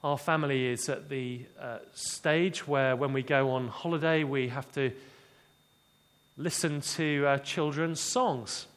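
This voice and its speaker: A man preaching a sermon, expressive and dramatic, dropping low and quiet for emphasis. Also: slow, clear, resonant tone.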